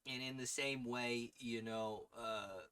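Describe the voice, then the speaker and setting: A man's voice: mid-range voice, steady tone, slow pace, sharp tone, clean tone. A young man with a Long Island accent, hosting a casual livestream, laughing often while trying out accents. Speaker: podcast host.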